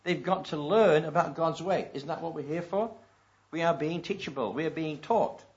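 A man delivers a sermon in a fairly high voice. He reads scripture slowly and with weight and puts rhetorical questions to his listeners. The recording is dull and lo-fi. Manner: preaches with slow emphatic scripture readings and rhetorical questions. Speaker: pastor.

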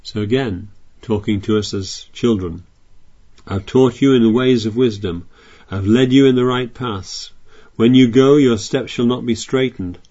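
A man's voice: medium pitch, measured pace, dark tone, husky, dull audio. A man preaching a sermon, reading scripture aloud and explaining it in a chatty way with frequent restarts.

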